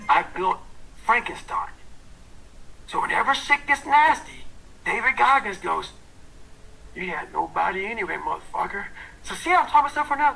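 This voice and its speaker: A man giving an intense, profane motivational talk, swinging from loud, blunt bursts to hushed whispers. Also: high-pitched, creaky, husky, poor audio. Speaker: motivational speaker.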